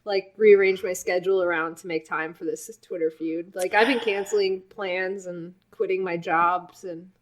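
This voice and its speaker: A woman co-hosting a podcast, telling stories with deadpan, mock-dramatic humor. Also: fairly low pitch, normal speed, few pauses. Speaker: podcast co-host. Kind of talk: casual comedic chat.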